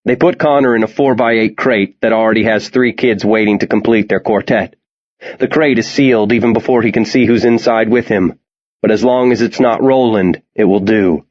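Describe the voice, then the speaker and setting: Male audiobook narrator, low voice, steady tension, lo-fi sound. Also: moderate pace. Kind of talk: scripted narration.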